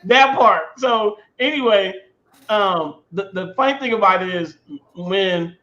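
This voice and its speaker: A podcast co-host from the US Midwest chats casually, animatedly retelling stories at a measured pace, repeating himself, restarting and laughing. His voice sits fairly high, and the sound is roomy and slightly dull.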